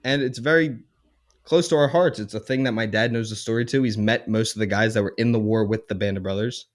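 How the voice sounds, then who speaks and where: A man's voice: fairly low pitch, fast. A man of twenty-one, a podcast co-host and serving soldier, talking casually and earnestly about a favorite show. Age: 20s.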